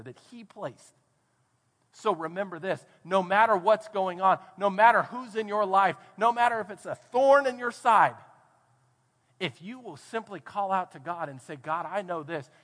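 A man, a pastor from Texas, preaching a sermon with dynamic swings between soft and loud delivery. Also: sits high. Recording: long hall reverb.

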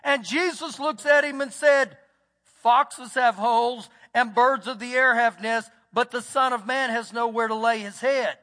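A man's voice: very high voice, fairly even intonation, unhurried, pushed and bright. A man with a Texas accent preaching a sermon as pastor, telling folksy stories and acting out what people said, in a church sanctuary. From United States. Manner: folksy storytelling, acts out quotes. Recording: church hall with long reverb.

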